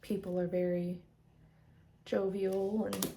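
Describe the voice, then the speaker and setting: A woman's voice: medium pitch, level tone, slow pace, vocal fry, pauses often, a little hiss or hum. A woman vlogger chatting casually as she shows her tarot decks, rambling with lots of fillers. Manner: rambling, soft-spoken, many fillers.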